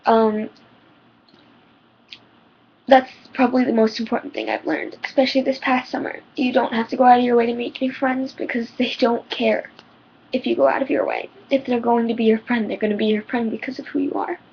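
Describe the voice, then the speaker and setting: Teenage girl with a husky, shaky voice. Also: fairly high pitch, a little fast, lo-fi sound. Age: teens. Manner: rambling, heartfelt, many ums. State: voice shaking, near tears. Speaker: vlogger. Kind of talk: personal advice vlog.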